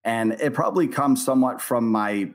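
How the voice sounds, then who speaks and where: A middle-aged man being interviewed about his ministry. He talks in an earnest, animated way at an average pitch and mimics the people he describes. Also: normal speed. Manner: earnest and animated, acts out voices in his stories. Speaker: prophetic minister, interview guest. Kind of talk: storytelling in an interview.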